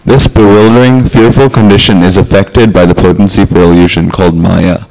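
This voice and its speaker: Deep-voiced man hesitantly reciting a verse. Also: fairly even intonation, brisk, creaky, darkish tone, poor audio. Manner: hesitant, with many ums. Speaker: student in a class.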